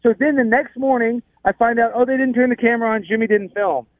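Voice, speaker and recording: A man's voice: very high-pitched, fast talker, no room sound. A man telling a rambling, exasperated story in casual chat, with many restarts. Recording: tinny phone line.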